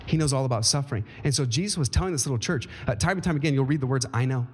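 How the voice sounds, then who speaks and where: A man's voice: medium pitch, racing, slightly rough. A man in his thirties preaching a sermon as pastor, with emphatic rises and folksy asides to the congregation. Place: church sanctuary. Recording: long hall reverb.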